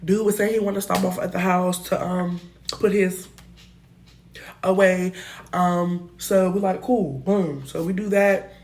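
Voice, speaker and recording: Animated, slangy young woman telling a story. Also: fairly low pitch, measured pace, a little hiss or hum. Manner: animated, slangy, swears freely; jumps between loud bursts and muttered asides. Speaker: storytime vlogger. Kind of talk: casual storytelling.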